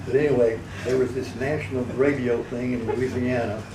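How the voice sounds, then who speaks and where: A radio personality tells chuckling, folksy anecdotes to a live audience in an event hall, dropping into character voices from time to time. His mid-range voice keeps a fairly even intonation at a moderate pace. Heavy background noise and distant, echoey pickup mark the recording.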